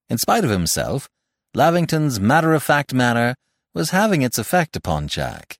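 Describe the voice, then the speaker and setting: A man narrating a story in an expressive, scripted reading. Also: medium pitch, moderate pace, no room sound, studio quality.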